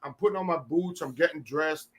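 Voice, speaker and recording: Casting: middle-aged man, high voice, animated storytelling host, salty language. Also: a little fast. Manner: animated storyteller, acts out quotes with profanity. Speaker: podcast host. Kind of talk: casual storytelling chat.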